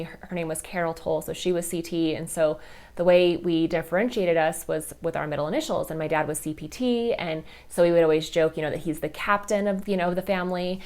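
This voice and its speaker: A woman in her thirties hosting a personal podcast, telling heartfelt stories in a candid, chatty way full of fillers. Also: fairly low pitch. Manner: candid, heartfelt, many fillers like "like" and "you know". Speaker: podcast host.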